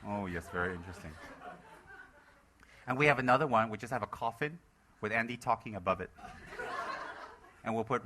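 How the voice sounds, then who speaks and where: A man's voice: fairly low pitch, a little fast, pauses often, noisy background. A man giving a playful Dharma talk as a Buddhist teacher, teasing his students with jokes. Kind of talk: joking Dharma talk to a live audience.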